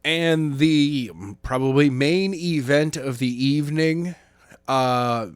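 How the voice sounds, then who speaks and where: A man's voice: a little high, fairly even intonation, slow, clear, resonant tone, no echo, studio quality. A man co-hosting a casual wrestling podcast, joking around and slipping into mock announcer hype. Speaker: podcast co-host.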